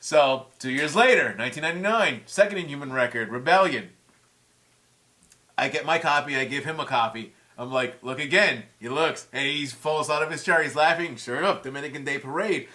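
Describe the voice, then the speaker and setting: A man in his forties talks as a guest in a casual chat, cursing freely through heated stories. His voice sits a little high and sounds bright and forceful. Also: fairly quick. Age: 40s. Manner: profane, heated storytelling. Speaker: guest musician.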